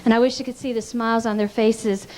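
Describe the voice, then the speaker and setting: A woman with a voice a little higher than most speaks earnestly at a pastors' conference. She teaches through heartfelt stories and often stumbles on repeated words as she goes. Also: level tone, quick pace, darkish tone. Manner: earnest storytelling with frequent stammered repeats.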